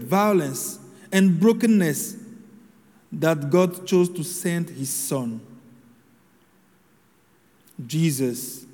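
A man preaching a sermon in a slow, measured homily delivery with solemn pauses. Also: high voice, darkish tone, in a large hall.

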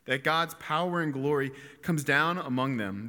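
Bright and forceful, this man's voice is on the high side as he gives an earnest, reflective homily in a chapel. The long echo lingers over his pauses and restarts; he is a priest or preacher.

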